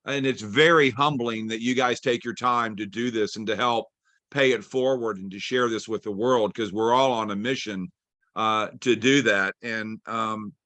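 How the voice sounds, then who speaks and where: A man's voice: lowish voice, steady tone, normal speed, pushed and bright, no room sound. A man hosting the show in casual chat, thanking and praising his guests effusively. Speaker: host.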